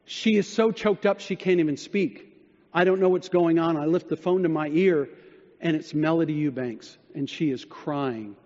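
A man preaching a sermon, telling a story and dropping low and quiet when he quotes others. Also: moderate pace. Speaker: pastor. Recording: dull sound in a reverberant hall.

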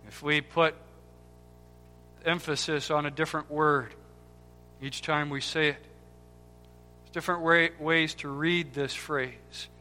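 A man preaching a sermon with impassioned swings between loud cries and hushed, near-whispered words, repeating key words for emphasis. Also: a little high, fairly even intonation, takes it slowly, long pauses. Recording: long hall reverb with faint music.

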